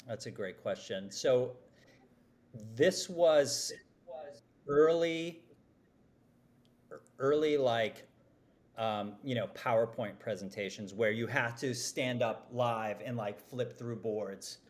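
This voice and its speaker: A man, an advertising executive, telling lively, self-deprecating stories as a guest on a podcast interview. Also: mid-range voice, takes it slowly, pauses often. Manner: animated, self-deprecating storytelling.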